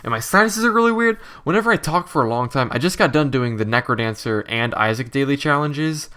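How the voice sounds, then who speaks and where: A man's voice: mid-range voice, animated, a little fast, sharp tone. A young man with a nasal, irritated-throat voice, talking casually as he programs his game, thinking aloud and correcting himself. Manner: rambling, self-correcting, thinks aloud while typing. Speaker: game developer. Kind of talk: casual coding commentary.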